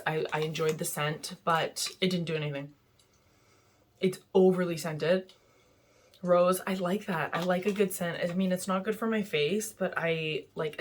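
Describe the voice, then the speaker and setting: A young woman chatting casually and candidly through a beauty product review, with frequent fillers. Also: sits low. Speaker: beauty vlogger. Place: home in Vancouver.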